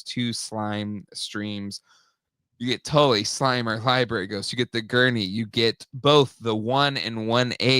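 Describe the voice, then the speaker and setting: A man's voice: fairly low pitch, a bit bright, no room sound, studio quality. A man hosting a casual podcast, talking toys with enthusiasm and lots of restarts. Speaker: podcast host. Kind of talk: casual chat.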